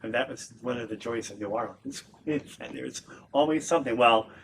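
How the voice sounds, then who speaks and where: A man's voice: mid-range voice, moderate pace, vocal fry, a little hiss or hum. A man interviewing a guest in casual chat, mostly giving short affirming replies. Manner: brief affirming responses.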